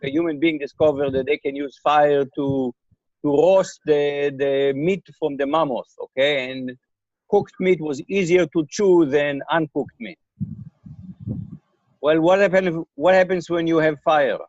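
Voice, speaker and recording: An older man answers interview questions with slightly raised pitch, pausing to repeat words and check that he is followed. His voice comes over a remote call that sounds dry and a little dull. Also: darkish tone, no room sound. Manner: thoughtful, repeats words, checks in with "okay?" and "right?". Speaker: interviewee, computer scientist.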